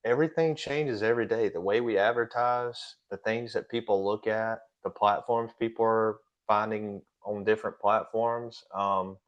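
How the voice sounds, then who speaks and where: Plainspoken man with a low, lo-fi voice. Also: steady tone, moderate pace, few pauses. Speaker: guest, pressure washing business owner. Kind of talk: casual podcast conversation.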